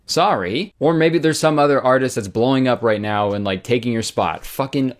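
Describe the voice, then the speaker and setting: A man's voice: mid-range voice, normal speed. A man in his twenties doing comedic commentary, sarcastic and swearing, with exaggerated mock outrage. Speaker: commentary YouTuber.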